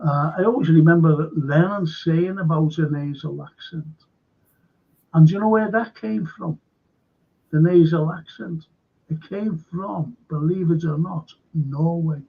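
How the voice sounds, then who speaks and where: Gravelly Scouse man telling local history. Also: on the high side, measured pace. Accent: Liverpool (Scouse). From Liverpool, England. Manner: rambling anecdotal storyteller with frequent fillers. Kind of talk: casual storytelling chat. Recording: dull lo-fi sound.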